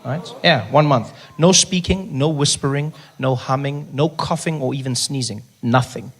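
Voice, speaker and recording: A South African man doing stand-up comedy, telling an animated story that swings between loud bits and hushed talk. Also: medium pitch, normal speed, breathy edge. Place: comedy club stage.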